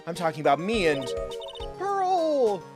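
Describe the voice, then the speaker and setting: A bubbly, bossy young woman sidekick from a courtroom game, as a male streamer puts her on. Her voice jumps well above his usual, high and eager. She pushes and nags in an excitable way. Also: a little slow, over loud music, exaggerated voice. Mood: excited. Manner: pushy, excitable, nagging.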